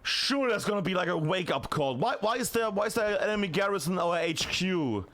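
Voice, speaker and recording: A man casting a tactical shooter match solo, chatty and excitable, shouting on big plays. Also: sits high, a little fast. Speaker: esports caster. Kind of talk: solo play-by-play commentary.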